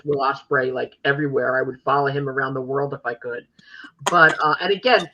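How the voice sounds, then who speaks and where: An older woman hosts a podcast in casual chat and gushes like an excited fan. Her voice is bright and forceful. The recording sounds dull and lo-fi. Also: low voice. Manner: animated, gushing fan storytelling. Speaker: podcast host.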